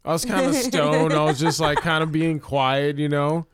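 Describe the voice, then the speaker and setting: A man's voice: fairly high pitch, moderate pace, slight background noise. A man with a Chicago accent, co-hosting a comedy podcast and telling a laid-back, profane story. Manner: profane, laid-back, animated when quoting himself.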